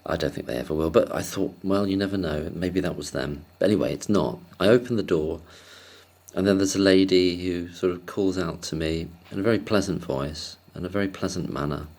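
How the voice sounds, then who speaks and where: Low-voiced man rambling hesitantly. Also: brisk, darkish tone. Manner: hesitant, self-deprecating, chuckles often. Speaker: vlogger. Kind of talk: rambling casual monologue.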